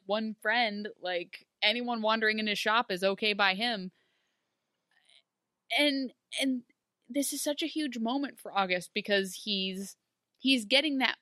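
A woman's voice: medium pitch, pushed and bright, no echo, clean studio sound. A woman casually recapping a TV episode, animatedly acting out the characters' lines and gushing over an emotional scene. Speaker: podcast co-host.

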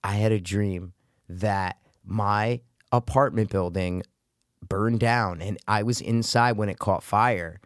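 A man co-hosting a casual comedy chat, rambling and excitable, full of dude and bro. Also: fairly low pitch, slow, dry recording, studio quality. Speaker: podcast co-host.

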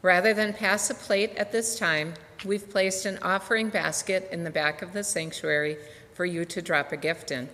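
A woman reading a short announcement at a worship service, plain and steady. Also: on the low side, normal speed. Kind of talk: scripted announcement. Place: church sanctuary. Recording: echoey sanctuary.

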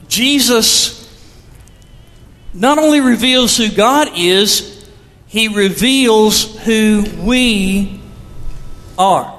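High-voiced pastor preaching slow, long echoey church reverb. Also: male voice, a bit bright. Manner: measured, storytelling preacher. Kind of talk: sermon. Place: church sanctuary.

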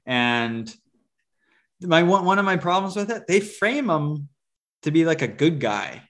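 A man's voice: a little high, very animated, a little slow, a bit bright. Man, podcast co-host, loose chatty movie talk, lots of ums and restarts. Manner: rambling, many fillers and restarts. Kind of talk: casual movie review chat.

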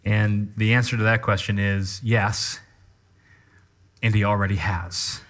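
A man preaching a sermon as pastor, teaching in an animated way and calling people up to act out an example. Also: on the low side, measured pace. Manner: animated teaching with live demonstration.

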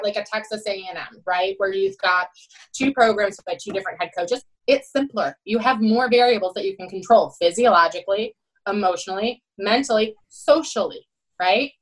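A woman's voice: mid-range voice, animated, normal speed, poor audio. A middle-aged woman who coaches college swimming tells candid, emphatic stories in a podcast interview and leans on "you know" and "right?". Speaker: college swim head coach.

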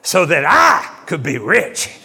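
A man imitating a showy male TV prosperity preacher, loud and drawn out, in a reverberant hall. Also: on the high side, huge pitch swings, takes it slowly, heavily acted. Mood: gloating.

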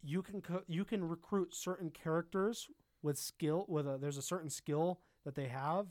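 A man's voice: a little high, normal speed, darkish tone, no echo, clean studio sound. A man co-hosting a casual podcast about video games, rambling, swearing freely and laughing often. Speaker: podcast co-host.

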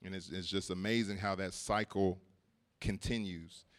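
A man's voice: sits low, steady tone, moderate pace. A man preaching at a church service, telling a personal story in a casual way, laughing often and repeating words as he goes.

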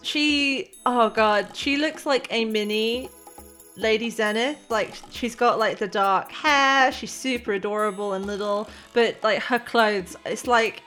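A woman's voice: on the high side, unhurried, a bit bright, soft background music. A woman narrating a tabletop game as game master in a chatty, loose way full of fillers.

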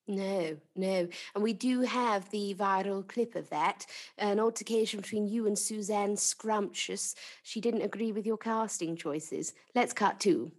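Woman playing a gushing breathy interviewer. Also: medium pitch, a little slow, hardly any pauses, lightly acted. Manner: gushing, playful. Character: gushing female film interviewer. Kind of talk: improvised mock interview.

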